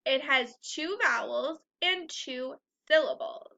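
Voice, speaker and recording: Slow, bright-voiced first grade teacher. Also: female voice, high voice, muffled recording. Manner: slow, clear teacher talk, clapping out syllables. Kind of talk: online phonics lesson.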